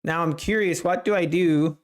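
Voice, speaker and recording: A man's voice: a little high, normal speed. A man hosting a live trading stream, chatting casually with viewers and laughing often. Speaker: livestream trading host.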